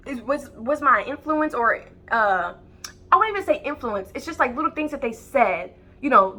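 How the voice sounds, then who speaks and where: A woman's voice: high-pitched, bright, forceful tone. A woman who calls herself a psychic medium, ranting to camera in a heated, profane, rambling way with many restarts. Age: adult with children. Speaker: self-described psychic medium. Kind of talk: unscripted rant to camera.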